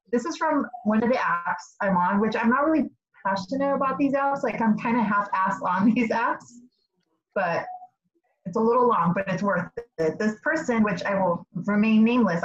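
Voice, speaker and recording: A talkative woman guest on a podcast, telling stories in an animated, chatty way and laughing often. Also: medium pitch, reverberant, dull audio. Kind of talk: casual podcast chat.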